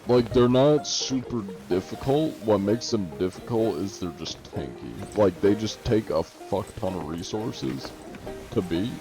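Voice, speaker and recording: Laid-back, low-voiced male streamer. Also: animated, unhurried, music in the background, rough recording. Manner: laid-back, swears casually. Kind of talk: casual gameplay chat.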